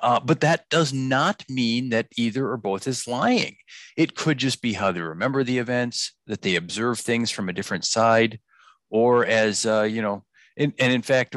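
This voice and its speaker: A man hosting an instructional safety discussion, speaking in a relaxed, halting way with fillers. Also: medium pitch, dry recording. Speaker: host.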